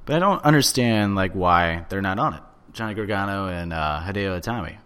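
A man's voice: low-pitched, a little fast, clean tone. A man co-hosting a casual podcast, talking in an opinionated way with lots of fillers and the odd swear. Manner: opinionated, animated wrestling fan talk with fillers and swearing. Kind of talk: casual chat.

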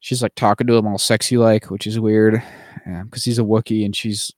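A man's voice: lowish voice, little pitch movement, brisk, darkish tone. A man co-hosting a podcast in loose, casual chat, wandering through his points with plenty of fillers. He drops into silly mock voices along the way. The sound is dry and close, with no room echo. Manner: rambling, with many fillers and playful mock voices. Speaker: podcast co-host.

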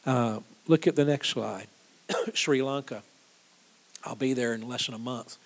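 This missions ministry leader has a gravelly, slightly rough mid-range voice and speaks a little slowly, with long pauses. At a church missions talk he's emphatic and repetitive, leading the audience to repeat phrases after him.

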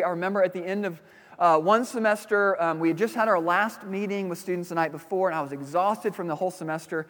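A man preaching a sermon as pastor, telling a personal story in a relaxed, conversational way with fillers and restarts. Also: high-pitched, long reverb tail.

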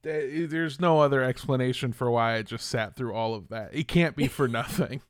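A man's voice: mid-range voice, normal speed, dry recording, clean studio sound. A man from Southern California co-hosting a podcast, joking along casually and hedging with repeated phrases. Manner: joking, repeats himself when he hedges. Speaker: podcast co-host. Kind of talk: casual chat.

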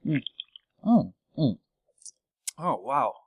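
A man co-hosting a casual beer-tasting podcast, joking and breaking into loud sudden outbursts. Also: medium pitch, sing-song, drawn-out words. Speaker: podcast co-host. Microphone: studio microphone.

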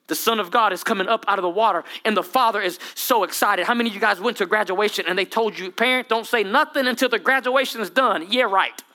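A man preaching a sermon with humor, dramatic whispers and sudden loud bursts. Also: high-pitched, fast, few pauses. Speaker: pastor.

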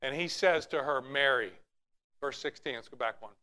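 A man's voice: medium pitch, normal speed, bright, forceful tone. A man preaching a sermon, reading scripture aloud in an earnest way and often restarting his phrases. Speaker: pastor.

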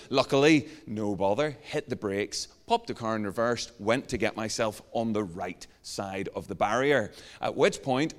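An Irish man preaching, spinning a self-mocking story with lively timing and a medium pitch. His voice carries a long reverb, as in a large church hall. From Ireland. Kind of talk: storytelling sermon.

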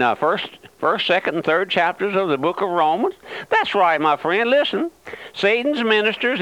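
A man's voice: high-pitched, a bit bright, no echo, poor audio. An older man preaching a fervent radio sermon, repeating phrases and calling himself by a nickname.

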